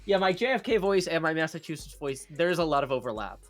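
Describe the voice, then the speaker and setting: A man's voice: on the high side, expressive, fast talker. A man streaming live, chatting casually in an easygoing, wry way.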